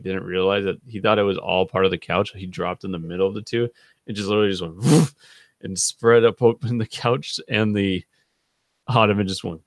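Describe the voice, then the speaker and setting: Recorded dry and at studio quality, this thirtysomething stream host speaks in a low, gravelly voice. His casual storytelling meanders through amusing anecdotes about a friend, punctuated by frequent laughs and raised-voice quotes.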